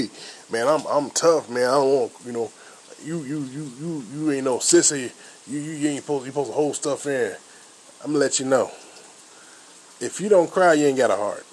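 A man hosting an advice podcast, talking earnestly and repeating himself with many fillers and restarts, recorded outdoors in the rain. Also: mid-range voice. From United States. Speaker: podcast host. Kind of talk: casual spoken advice podcast.

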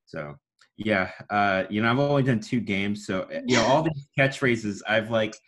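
A young man with a notably deep, low baritone talks at length as a podcast guest. He rambles and pokes fun at himself, now and then breaking into a booming announcer style. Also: normal speed, fairly bright tone. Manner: rambling, self-deprecating, with sudden announcer-style bursts. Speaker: guest, student broadcaster. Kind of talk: casual podcast chat.

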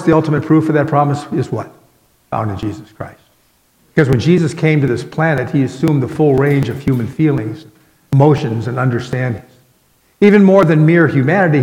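Man preaching in a church, earnest, pausing for effect, big roomy echo trailing off. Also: medium pitch, a little mellow. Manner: earnest preaching with dramatic pauses. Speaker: pastor. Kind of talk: sermon. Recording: echoey hall with long reverb.

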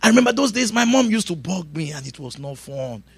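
A middle-aged man preaching a sermon in an animated way, laughing and shouting his punchlines. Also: on the high side, normal speed, breathy edge, dry recording. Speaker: pastor.

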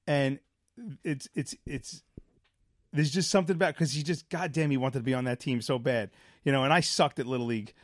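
Animated man, dry close-mic podcast. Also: mid-range voice, fairly quick, no echo. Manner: animated storyteller, acts out movie lines, rambling restarts. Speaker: podcast co-host. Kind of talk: casual chat.

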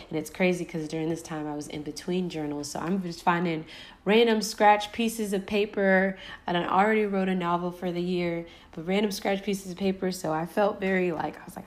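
A woman's voice: fairly low pitch, moderate pace, slight background noise. A woman hosting a podcast, talking candidly in a casual, spiritual monologue full of slang and the odd curse. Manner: candid and animated, with loose slang and cursing. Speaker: podcast host.

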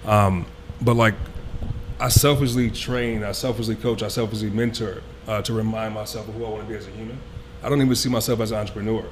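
A man's voice: lowish voice, steady tone, fast talker, a little hiss or hum. A man, a fitness trainer, speaking on a panel in a rambling, earnest way with many fillers. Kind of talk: panel discussion.

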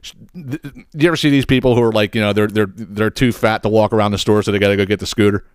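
Man, podcast host, ranting commentary, sarcastic, profane, smooth resonant voice, dry close sound. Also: on the low side, steady tone, fast talker, dry recording. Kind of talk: ranting commentary on viral clips.

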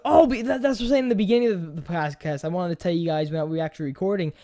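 Rambling young man with a New York accent. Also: high voice. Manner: rambling, animated, swears casually, repeats himself. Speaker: podcast host. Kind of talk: casual podcast chat.

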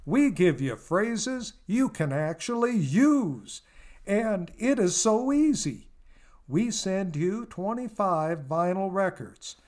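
A man delivering a comic mock infomercial in folksy cowboy slang, with a hard-sell pitch. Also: very animated, slow, darkish tone. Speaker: announcer and radio host.

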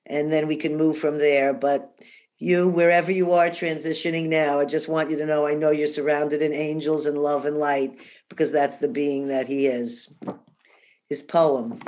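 A woman's voice: low-pitched, a little mellow. Earnest emotional woman guest. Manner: emotional, earnest, spiritual, with restarts. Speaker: interview guest, shaman and remote viewer. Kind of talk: heartfelt interview talk.

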